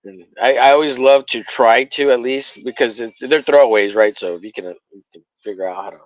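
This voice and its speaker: A man's voice: medium pitch, brisk, no room sound, rough recording. A man hosting a casual drawing livestream, rambling and joking, with profane banter. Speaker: livestream host, comic artist.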